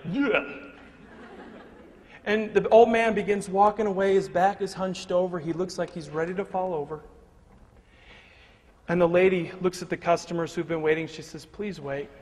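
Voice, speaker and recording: Brief: high-pitched man, motivational speaker, big echoing hall, faint background hiss. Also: normal speed. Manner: animated and humorous, swings between loud punchlines and hushed moments. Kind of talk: live motivational speech with storytelling. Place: large hall before a live audience. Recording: long reverb of a large hall, faint noise.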